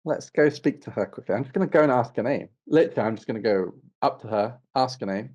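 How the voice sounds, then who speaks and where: A male tabletop player who jumps in with eager, quick asides as the game goes on. His voice sits at an ordinary middle pitch for a man. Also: lively intonation, darkish tone, lo-fi sound.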